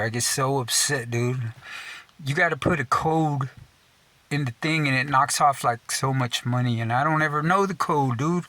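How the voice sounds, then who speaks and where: A man's voice: mid-range voice, bright, forceful tone. A young man from Texas telling a casual, profane rant, swearing constantly, saying "dude" a lot and laughing at himself mid-sentence. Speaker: storyteller.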